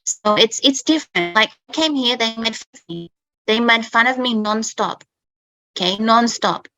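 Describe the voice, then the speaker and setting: A woman's voice: fairly high pitch, moderate pace, sharp tone, dry recording, rough recording. A woman with an Australian accent chatting casually over a video call, peppering her talk with "okay" and "like". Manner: chatty, fills speech with "okay" and "like". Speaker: guest speaker for English learners. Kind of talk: casual chat, storytelling.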